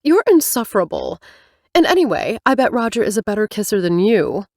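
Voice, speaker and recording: A woman narrator voicing a quick-tempered, proud young woman in a brighter, higher tone. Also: very animated, no room sound, studio quality. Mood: indignant. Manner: higher, brighter reading with snappy retorts.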